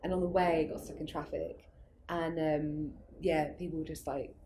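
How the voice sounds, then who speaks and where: A young adult woman with a low voice and flat delivery speaks at a moderate pace over some background noise. She's a guest on an interview, an arts project founder, telling rambling, casual stories full of fillers and restarts, often laughing.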